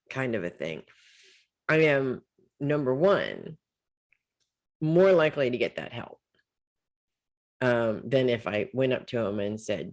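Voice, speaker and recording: A woman's voice: rumbling low, sing-song, measured pace, long pauses. Chatty woman giving a psychic reading. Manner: chatty, reassuring, checks in with "okay?" and "right?"; loose and informal, trails off with "blah, blah". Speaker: psychic reader. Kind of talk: weekly psychic reading, casual advice.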